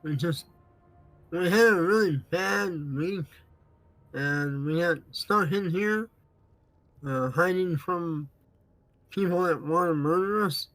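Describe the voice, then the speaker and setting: Slow-talking man playing a tabletop game. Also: high-pitched, a bit bright, no echo, rough recording. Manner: unhurried and hesitant, with fillers. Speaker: player. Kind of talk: casual tabletop play.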